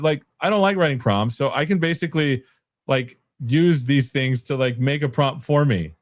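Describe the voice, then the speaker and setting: A man on a video call giving a casual, rambling walkthrough of an app he built, with lots of "like" and "right?". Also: medium pitch. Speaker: developer guest demoing an app. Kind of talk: casual tech demo chat on a livestream.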